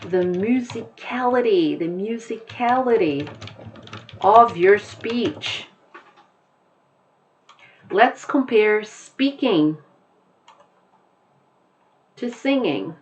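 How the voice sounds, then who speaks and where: A woman with an American accent teaching a lesson, explaining deliberately and repeating her key points. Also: medium pitch, expressive, a little hiss or hum.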